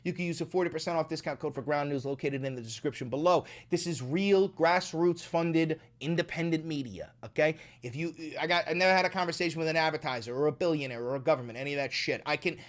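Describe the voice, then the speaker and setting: A man's voice: fairly high pitch, fast, hardly any pauses. A man hosting his own political commentary show, ranting in a profane, sarcastic and mocking way.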